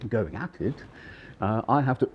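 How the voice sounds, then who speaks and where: A man in his fifties, a chef, telling a casual anecdote in an animated way, acting out voices and laughing often. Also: mid-range voice, slow, muffled recording, slight background noise. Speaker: chef and storyteller.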